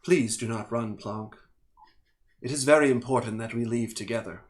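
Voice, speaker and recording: A man voicing a calm male air elemental spirit who speaks softly and slowly. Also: medium pitch, natural voice. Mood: insistent. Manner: slow, soft, calm.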